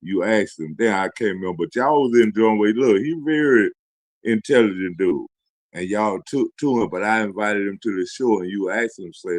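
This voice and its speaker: Deep-voiced male guest, rambling and profane, dry close sound. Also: brisk, dry recording. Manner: loose, profane, repeats himself, laughs often. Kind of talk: casual rambling chat.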